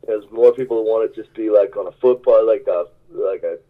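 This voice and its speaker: A male musician with a fairly low voice talks fairly quickly in a casual interview, rambling through self-mocking stories and laughing often. The audio comes through a tinny, phone-like line.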